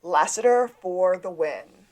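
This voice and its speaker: A woman co-hosting a podcast, casually recapping a TV episode and acting out its lines. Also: fairly low pitch. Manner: animated, acts out scenes with quick line readings. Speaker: podcast co-host.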